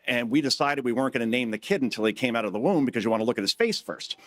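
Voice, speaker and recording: On a conference hall stage, a middle-aged man rattles off stories rapid-fire in a medium-pitched, fairly bright, animated voice. He jokes around and acts out quotes with voices that keep shifting.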